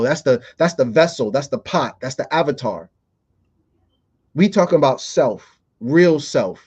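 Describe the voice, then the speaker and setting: A man's voice: on the high side, a little mellow, dull audio. A man hosting a podcast, delivering a playful, profane comedic monologue full of fillers. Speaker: podcast host.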